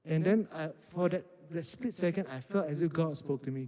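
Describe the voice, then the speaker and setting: High-voiced man preaching. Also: normal speed. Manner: animated storytelling with acted-out quotes. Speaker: youth pastor. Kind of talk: sermon. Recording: reverberant hall.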